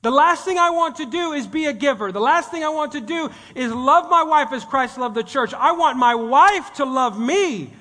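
A man giving a conversational sermon as a guest pastor, animated and talking directly to the congregation. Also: very high voice, normal speed, few pauses. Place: church sanctuary. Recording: long reverb of a church hall.

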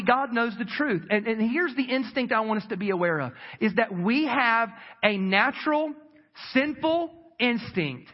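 A man's voice: high voice, lo-fi sound. A man preaching a sermon as pastor, chatty and repetitive, acting out quoted voices. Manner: conversational preaching, acts out quoted voices, repeats words.

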